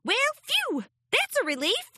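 A woman voicing an excitable little filly pony, a young girl who talks in high, eager exclamations. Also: measured pace, no room sound, studio quality, heavily acted. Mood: relieved chatty.

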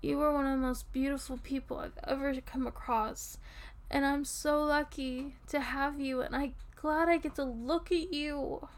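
A woman playing a tipsy, affectionate young girlfriend in an audio role-play, talking softly and intimately and drifting off topic. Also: high-pitched, fairly even intonation, moderate pace. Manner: rambling, giggly, soft and intimate. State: drunk.

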